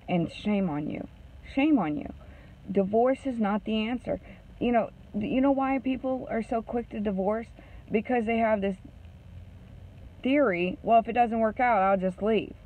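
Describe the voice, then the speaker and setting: A woman counselor from Maine, giving blunt advice in a lecturing way and ending her points with a questioning "okay?". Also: fairly low pitch. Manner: blunt, scolding. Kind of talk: advice talk. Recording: phone-like narrow sound.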